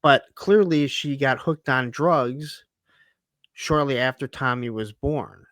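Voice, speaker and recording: A man's voice: mid-range voice, slow, a bit bright, no room sound. A man co-hosting a casual TV recap, talking in a reflective, chatty way with frequent "like"s. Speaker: podcast co-host.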